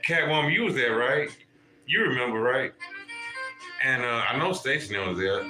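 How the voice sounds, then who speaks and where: A man hosting a casual livestream and giving spiritual readings. He talks straight to his viewers in an animated, profane way. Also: mid-range voice, moderate pace. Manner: animated, profane, addresses chat viewers directly. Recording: echoey room with music playing. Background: music.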